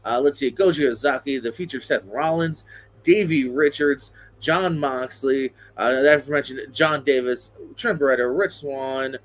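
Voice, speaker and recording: Male interview host, mid-pitched voice. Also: moderate pace. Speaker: podcast host. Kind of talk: interview questions.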